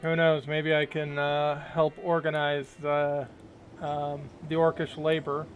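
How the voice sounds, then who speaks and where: A man's voice: on the high side, completely flat delivery, takes it slowly, muffled recording, faint music behind. A man casually commenting while he plays a role-playing game, musing and reading his dialogue choices aloud. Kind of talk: casual let's-play commentary. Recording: noisy hiss behind voice.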